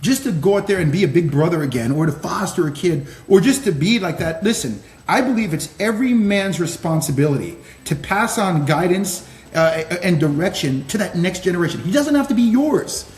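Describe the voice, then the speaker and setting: A former Marine officer, a man, telling stories as a guest in a casual interview, animated, laughing and swearing casually. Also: sits high, fairly quick, few pauses. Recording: roomy echo.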